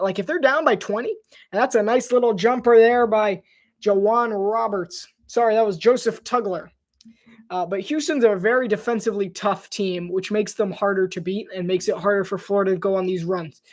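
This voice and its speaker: A man's voice: sits high, moderate pace. Man calling a basketball game solo. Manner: energetic play-by-play, rising on big plays, stumbles over names. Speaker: solo play-by-play commentator. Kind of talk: amateur live sports commentary.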